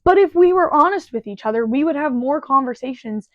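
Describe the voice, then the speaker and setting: A woman with a somewhat high voice vents in a casual, profane, exasperated monologue. She laughs often between complaints. The recording is dry and a little dull and lo-fi. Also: animated, brisk, dry recording. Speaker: podcast host and bartender.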